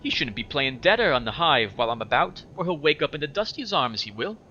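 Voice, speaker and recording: A sharp-tongued young half-demon woman with a tail, all scorn and a rough brogue, voiced by a man in a higher pitch. The voice is bright and swings lively up and down. It sounds a little dull, with faint game music behind. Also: moderate pace, slight background noise. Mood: scornful.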